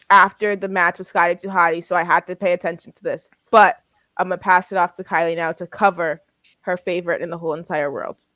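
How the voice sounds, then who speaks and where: A woman's voice: medium pitch, pushed and bright, no room sound. A woman hosting a casual podcast chat, playful and teasing, handing topics over to her co-hosts. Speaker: host moderating a podcast.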